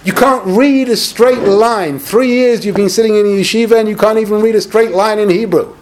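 A man giving a yeshiva-style Torah lecture as a rabbi, animated and sarcastic, peppering his English with Hebrew and Yiddish terms. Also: sits high, normal speed, slight background noise.

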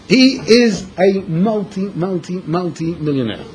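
A man's voice: sits high, sing-song, normal speed, a little hiss or hum. A man telling a dramatic story as a sermon to a room of young men, repeating words for emphasis. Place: room with an audience.

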